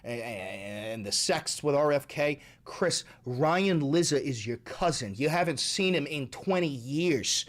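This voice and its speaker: A man quoting his older uncle on a phone call, slowing down and repeating himself insistently. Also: a little high, lively intonation. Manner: drawn-out, insistent, repeats names.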